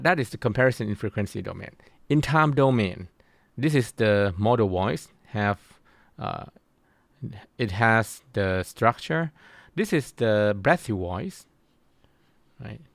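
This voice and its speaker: A man giving a recorded university lecture, explaining slowly and pausing often to search for his words. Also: medium pitch, expressive, vocal fry, dry recording. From Thailand. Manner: slow, halting explanation with frequent pauses to search for words.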